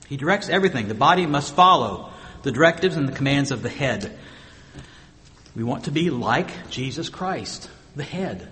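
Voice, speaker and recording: A man preaching a sermon with emphatic rhetorical questions, moving between loud stressed phrases and quiet asides. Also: fairly high pitch, sing-song, normal speed, in a large hall. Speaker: pastor.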